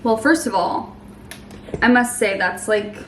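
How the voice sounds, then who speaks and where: A woman's voice: medium pitch, a little slow, reverberant, far from the mic, heavy background noise. Chatty young woman vlogging in her kitchen. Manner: chatty, lots of "like", trails off into soft murmurs while cooking. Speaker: lifestyle vlogger. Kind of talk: casual vlog chat. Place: home kitchen.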